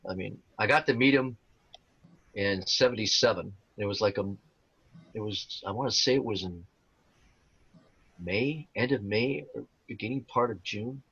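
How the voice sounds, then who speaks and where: With a breathy edge to his lowish, fairly bright voice, the sixty-something tribute performer speaks at a normal speed and pauses often. As an interview guest he rambles through stories, stumbling with fillers and restarts. There's no room sound, but the audio is dull and lo-fi.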